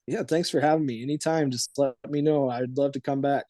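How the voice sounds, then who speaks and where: Halting young man with a mellow voice. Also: medium pitch, steady tone, dry recording. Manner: halting, full of ums and restarts. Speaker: guest, team co-owner. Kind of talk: interview answers.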